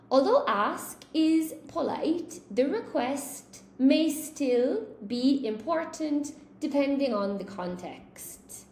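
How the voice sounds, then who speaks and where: A woman's voice: high-pitched, lively intonation, slow pace, few pauses, a little mellow. A woman teaching an English lesson on a live stream, chatting with viewers and answering their questions as she goes. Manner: chatty, reads chat questions aloud, laughs at own slips. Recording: echoey room, faint noise.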